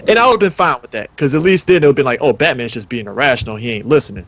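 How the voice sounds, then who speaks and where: A man's voice: medium pitch, lively intonation, rapid-fire, hardly any pauses, a bit bright. A man arguing in a casual movie debate, rambling with restarts and acting out quoted lines. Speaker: debate panelist.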